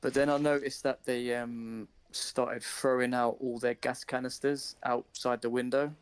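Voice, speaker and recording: A young man on a live stream, telling a story casually, swearing a lot and acting out his own shouting. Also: medium pitch, little pitch movement, a little slow, smooth, dry recording.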